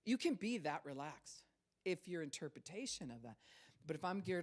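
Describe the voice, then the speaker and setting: A woman's voice: fairly low pitch, expressive, fairly quick. Storytelling woman pastor in her sixties. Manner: storytelling, laughs often, acts out quoted voices. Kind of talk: sermon.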